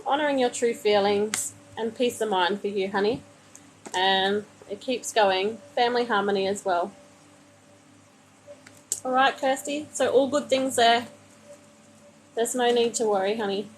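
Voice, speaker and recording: A woman's voice: on the high side, unhurried, pauses often, slight background noise, poor audio. Soothing woman reading tarot cards live. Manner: soothing and reassuring, calls viewers honey. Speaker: tarot card reader. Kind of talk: live-stream card reading. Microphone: phone.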